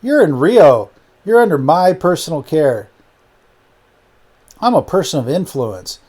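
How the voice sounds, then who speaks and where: A man's voice: fairly high pitch, very animated, a little slow, a little mellow, husky, pitched above the performer's own voice, heavily acted. A man voicing a boastful, self-assured Brazilian host with a thick Brazilian accent in an audiobook. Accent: Brazilian (put on). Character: smooth-talking Brazilian male host, boastful. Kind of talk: audiobook character reading.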